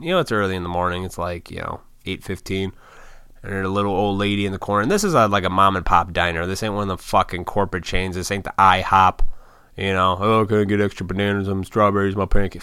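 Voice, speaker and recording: A man's voice: sits low, sharp tone, clear, resonant tone, no echo, clean studio sound. A man hosting a podcast alone, rambling casually with lots of swearing and laughs. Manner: rambling, profane, laughs often. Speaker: podcast host. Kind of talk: casual solo monologue.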